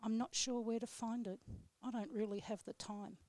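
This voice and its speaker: A woman on live radio reading her own poem aloud in a steady, measured way, then chatting with the host. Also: on the high side, no room sound. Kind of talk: poetry reading, then casual chat. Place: radio studio.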